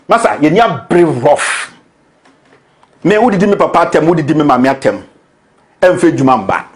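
A man's voice: on the high side, big pitch swings, fairly quick. A man with a Ghanaian accent, hosting a political commentary show in a combative, accusatory, emphatic way. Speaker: show host.

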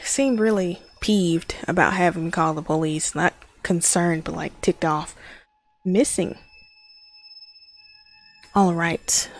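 A woman's voice: fairly low pitch, fairly even intonation, slow, pauses often, a little hiss or hum. A woman commenting as she plays horror games, reacting to jump scares with gasps and nervous laughs. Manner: jumpy, gasping reactions. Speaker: horror game player. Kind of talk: let's play commentary.

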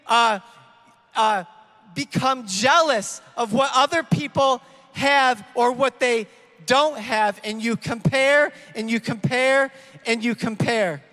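A man delivers a casual, energetic sermon, throwing himself into voicing the people in his illustration. His voice sits very high and rings bright. The sound carries a long church-hall reverb. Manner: energetic, acts out people in an illustration, rambling self-corrections. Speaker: youth leader preaching.

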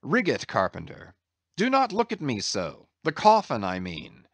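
Man doing a stern ship's mate barking orders, higher and louder, lively swings. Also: a little slow, no room sound, heavily acted. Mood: commanding. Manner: sharp commanding outbursts. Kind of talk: audiobook character reading.

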